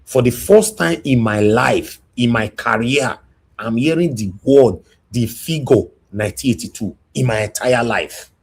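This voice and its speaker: A man with a Nigerian accent hosting a live stream, moderating a heated call and preaching peace, scolding and at times shouting. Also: medium pitch, expressive, measured pace, slightly rough.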